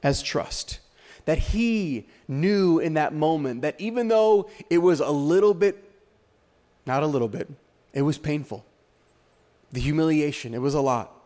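A man's voice: fairly high pitch, lively intonation, moderate pace, dark tone. A male pastor preaching a sermon with dramatic rhetorical questions and repetition.

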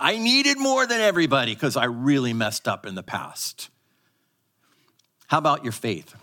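A man preaching from the pulpit in a mid-pitched voice. He teaches with emphasis and asks the congregation to repeat words after him. He slides between quick asides and slow, stressed phrases. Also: sing-song, bright, forceful tone. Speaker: pastor. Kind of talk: live sermon to a congregation. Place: church service.

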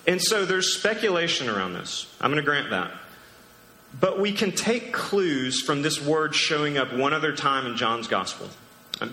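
A man's voice: fairly high pitch, pushed and bright, slight background noise. A man preaching a sermon as pastor, casual and conversational with joking asides. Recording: echoey hall with long reverb.

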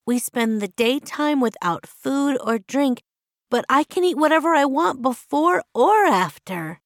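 A woman's voice: sits high, animated, a little slow, no echo, pitched above the performer's own voice. A curious eleven-year-old princess girl speaks in an earnest, raised, lilting voice, as a woman narrator puts her on. Her lines carry across a dry, close storybook reading. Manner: earnest, sometimes shy.

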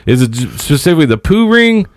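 A man's voice: a little high, sing-song, fast talker, no room sound, studio quality. A man on a casual podcast telling a story about a customer complaint, landing his punchlines dryly. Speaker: podcast co-host.

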